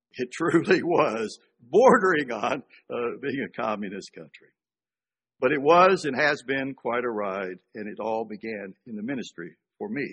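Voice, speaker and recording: An older man from Georgia preaching a sermon, speaking conversationally with dramatic pauses and rising emphasis. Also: mid-range voice, a bit bright, slightly rough. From Georgia, USA. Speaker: pastor.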